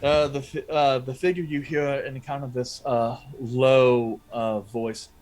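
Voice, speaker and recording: A man's voice: mid-range voice, little pitch movement, slow pace, a little mellow. A man narrating a tabletop game as game master, rambling and hesitant, with many fillers.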